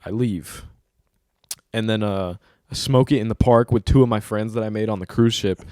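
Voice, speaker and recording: A young man hosting a casual chat, telling stories in an animated, profane, slang-heavy way. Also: on the low side, normal speed, no room sound, studio quality. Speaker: host.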